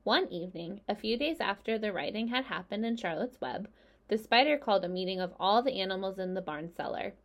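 A woman narrating a children's chapter book aloud in an expressive, animated way. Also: mid-range voice, normal speed, muffled recording. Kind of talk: storybook reading aloud.

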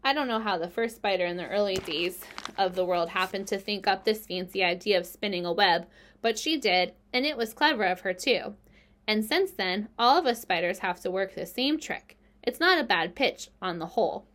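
A woman's voice: medium pitch, lively intonation, normal speed, a bit bright, close to an everyday voice. A woman voicing a clever female spider in a storybook reading, with a thin, pleasant voice and a composed, matter-of-fact way of talking. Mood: frank.

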